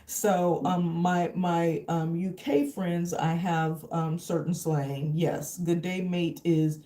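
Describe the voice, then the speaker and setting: Woman from Texas, casual vlog chat, slow rambling talk, warm low-ish voice. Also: fairly even intonation. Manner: rambling, many fillers. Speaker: travel vlogger. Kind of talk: casual live chat with viewers.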